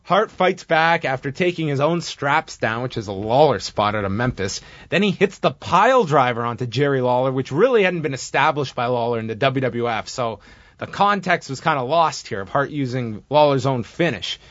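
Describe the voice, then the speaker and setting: A man in casual podcast chat, recapping events at length and getting animated when he acts moments out. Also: mid-range voice, normal speed, dry recording. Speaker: podcast co-host recapping wrestling. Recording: dull dry lo-fi audio.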